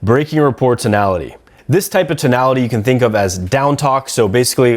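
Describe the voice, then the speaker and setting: Dating coach, male, mid-pitched, calm and steady teaching delivery. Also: fast talker. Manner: calm, steady, demonstrates vocal exercises. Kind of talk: instructional talk.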